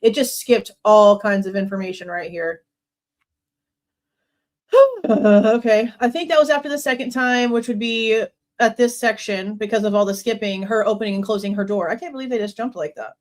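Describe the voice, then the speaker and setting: A woman's voice: medium pitch, moderate pace. A woman hosting a true crime reaction show, commenting on an interview transcript in a pointed, skeptical manner.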